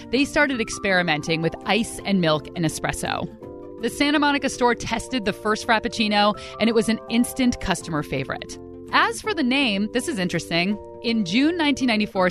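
A woman hosting a podcast, telling stories in an upbeat, chatty, animated way. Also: medium pitch. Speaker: podcast host. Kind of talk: casual storytelling narration.

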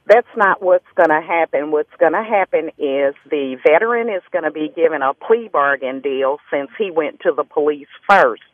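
A woman's voice: low voice, animated, normal speed, few pauses, dry recording. A woman calling into a talk radio show with a blunt, matter-of-fact answer. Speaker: caller. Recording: tinny phone line.

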